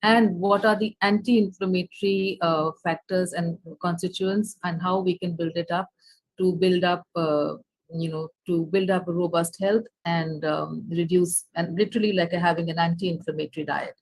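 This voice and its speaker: A woman with an Indian English accent giving an online lecture over a video call, pausing often with fillers and restarting phrases. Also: fairly low pitch, fairly even intonation, dry recording, poor audio. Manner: hesitant, many fillers and restarts.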